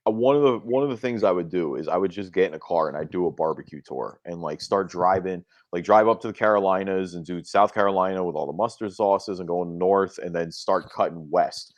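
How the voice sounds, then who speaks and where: A young man co-hosting a casual sports podcast, an animated storyteller who acts out quoted dialogue, recorded on a close, dry mic. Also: deep voice, fairly quick, few pauses, no echo. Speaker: podcast co-host.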